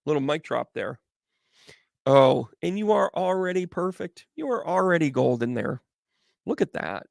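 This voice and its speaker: A man doing casual live tarot readings as a medium, chatty and animated, greeting viewers by name. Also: a little high, moderate pace, gravelly, dry recording, studio quality.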